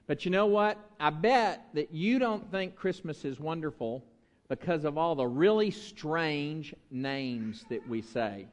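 A man's voice: fairly high pitch, expressive, unhurried. A man, a pastor giving a playful children's sermon in a church, coaxing the kids to repeat words after him. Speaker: pastor leading a children's talk. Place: church sanctuary. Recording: long reverb of a large church hall.

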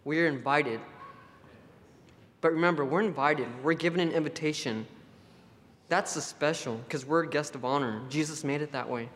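A man with a fairly high, slightly bright voice gives a conversational sermon at a church camp, speaking at a moderate pace and pausing often. He tells affectionate stories before turning to scripture, and the recording has a long hall reverb.

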